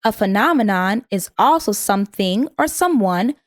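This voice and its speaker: A woman's voice: medium pitch, expressive, no echo, studio quality. Woman reading out vocabulary words. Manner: measured, says each word twice for repetition. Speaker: vocabulary instructor. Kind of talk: scripted vocabulary lesson.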